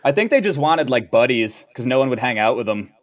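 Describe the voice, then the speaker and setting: Relaxed guy on a podcast, keeps saying um, easygoing storytelling. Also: mid-range voice, brisk. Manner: laid-back, hesitant with many ums. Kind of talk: casual chat.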